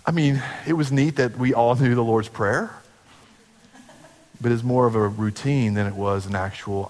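A pastor preaching a sermon to his church, earnest and conversational, sometimes dropping to a hush. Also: mid-range voice, moderate pace, long reverb tail.

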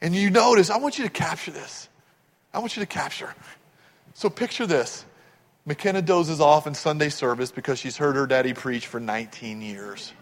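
Middle-aged male pastor, slightly high voice, sermon with hushed asides and rising climaxes, long church-hall reverb. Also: normal speed. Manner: swings from hushed, tender asides to loud, rising build-ups.

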